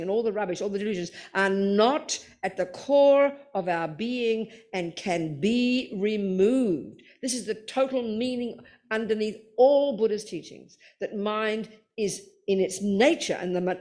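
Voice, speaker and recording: A woman's voice: mid-range voice, a little mellow. Blunt, playful older woman teaching. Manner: blunt, playful, calls people darling. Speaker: Buddhist nun teacher. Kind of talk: Dharma talk with Q&A.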